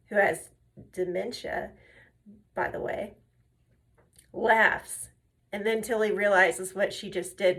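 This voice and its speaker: A woman's voice: medium pitch, a bit bright. A woman chatting casually while doing her makeup, telling stories and talking through each step. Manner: chatty storyteller, drifts between tangents; step-by-step tutorial talk. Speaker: makeup and faith vlogger.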